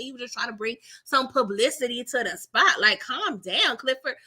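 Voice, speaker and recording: A woman hosts a casual livestream recap, talking in a very bright, sharp voice. She sits high in her range, laughs often and reads viewer comments aloud as she goes. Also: expressive, moderate pace, few pauses, breathy edge. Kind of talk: casual live show recap chat.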